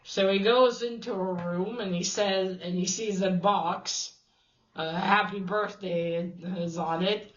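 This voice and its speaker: Slow, halting woman recapping a story. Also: mid-range voice, steady tone, lo-fi sound. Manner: hesitant, halting with many fillers and restarts. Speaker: video host retelling a comic. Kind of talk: casual plot recap.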